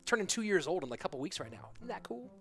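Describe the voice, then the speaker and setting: A man casting a video game tournament on a live stream, chatty and excitable, talking to his chat between matches. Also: high voice, rapid-fire, creaky, breathy edge. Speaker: esports caster. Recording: music bed behind voice.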